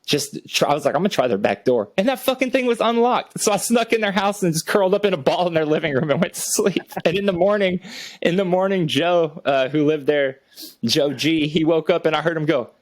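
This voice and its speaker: Brief: young man, fairly high voice, swears and laughs through his stories. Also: a little fast, no echo. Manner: profane, laughing storyteller, animated quoting. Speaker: podcast co-host. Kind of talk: casual storytelling chat.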